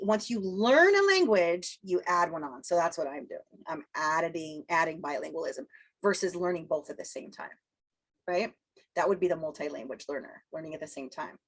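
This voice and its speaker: A middle-aged woman giving a casual college lecture, chatty and quick to laugh, acting out quotes in playful voices. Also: fairly low pitch. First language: English. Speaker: college instructor.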